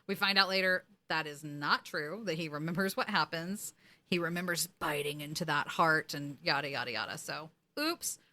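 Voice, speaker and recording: Female co-host, casual and lively, retells scenes and acts out the quotes, clear and bright tone. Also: deep voice, normal speed. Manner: animated storytelling, acting out quotes, laughing. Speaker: podcast co-host. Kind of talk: casual recap chat.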